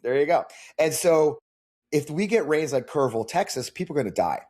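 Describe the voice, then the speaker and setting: A man running for Congress, answering interview questions as an animated storyteller with many restarts. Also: fairly high pitch, fairly quick, slightly rough. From Missouri. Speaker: congressional candidate.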